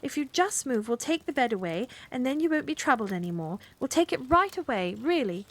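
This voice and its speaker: A woman's voice: very animated, brisk, full character voice. A woman doing an earnest, worried young girl. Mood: pleading. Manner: earnest, pleading, pitched up. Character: anxious polite young English girl. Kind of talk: cozy bedtime read-aloud.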